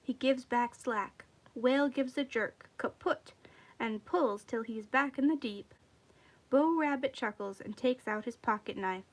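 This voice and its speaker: A woman's voice: on the high side, a little slow. A woman reading a folk tale aloud expressively, acting out its sound words. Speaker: storyteller.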